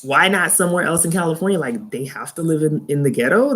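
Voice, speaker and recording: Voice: medium pitch, animated, a little fast, a bit bright. A young adult vlogger giving a live, casual review of a TV show, chatting and laughing often, with incredulous asides.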